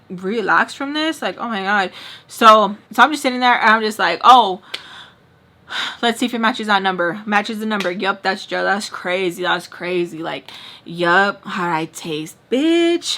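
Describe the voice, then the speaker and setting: A woman in her thirties telling a dramatic story in a casual, expressive way, full of fillers. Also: mid-range voice. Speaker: storytime vlogger.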